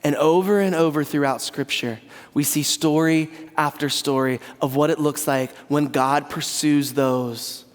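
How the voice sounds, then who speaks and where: Earnest high-voiced preaching man. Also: normal speed, in a large hall. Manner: earnest, conversational with asides to the congregation. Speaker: pastor. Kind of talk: sermon. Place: church sanctuary.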